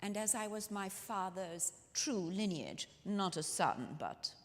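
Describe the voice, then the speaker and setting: A woman's voice: medium pitch, animated, takes it slowly. A woman storyteller telling a life story in the first person, in character, with a dramatic, intimate manner that speaks straight to the audience, performed live in a church hall. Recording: long hall reverb from a live room.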